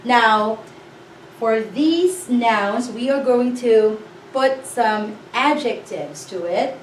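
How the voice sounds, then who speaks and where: Woman teacher, from the Philippines, very slow syllable-by-syllable delivery, echoey room, slightly distant mic. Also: a little high, slight background noise. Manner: sounds out words syllable by syllable, patient and deliberate. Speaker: language teacher. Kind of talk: slow spelled-out lesson narration. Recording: roomy echo, a bit off-mic, faint room ambience.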